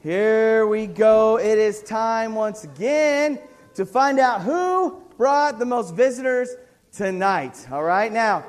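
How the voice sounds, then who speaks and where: High-voiced energetic kids' church leader. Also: male voice, takes it slowly. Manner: energetic, coaxing, sings and shouts cues. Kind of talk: leading a kids' song game.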